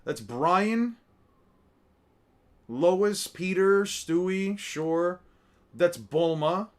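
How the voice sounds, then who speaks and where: A man's voice: high-pitched, expressive, drawn-out words. Profane young man muttering commentary. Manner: profane, rambling, mutters names as he scans. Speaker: streamer reacting to artwork. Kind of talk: casual commentary.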